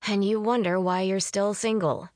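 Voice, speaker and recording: A woman reading an audiobook, voicing a lively young woman in a raised, playful voice. She keeps the character light and teasing. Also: mid-range voice, normal speed, dry recording, studio quality, lightly acted.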